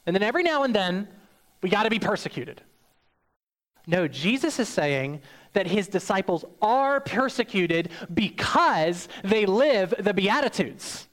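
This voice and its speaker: High-voiced animated male preacher. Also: measured pace. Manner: animated preaching, mock-excited voices for quotes, drops low and soft for serious points. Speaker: pastor. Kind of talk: sermon.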